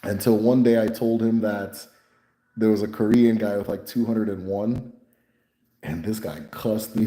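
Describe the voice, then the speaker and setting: A man chatting casually in a live Q&A, loose and profane, rambling between laughs. His voice is dark and mellow, and the room echoes. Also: mid-range voice. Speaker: host of a spirituality channel.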